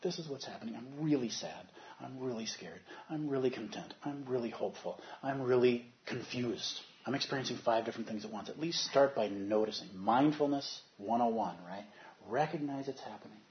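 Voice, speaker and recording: A man giving a dharma talk as a meditation teacher, animated, moving from soft, quiet stretches to loud bursts as he acts out inner voices. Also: medium pitch, normal speed, lo-fi sound, slight background noise.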